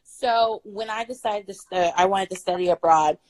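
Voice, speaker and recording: A young woman from Florida telling a true story on a live stream, loud, bubbly and playful, swearing freely. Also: medium pitch, normal speed, dry recording, rough recording. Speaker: guest storyteller.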